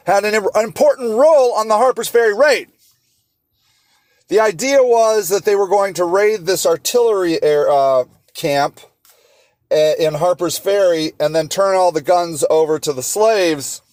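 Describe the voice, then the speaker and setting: A man hosting a solo podcast, talking with passion and sarcastic rhetorical questions, halting often with fillers and restarts. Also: on the high side, darkish tone, no room sound. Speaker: podcast host.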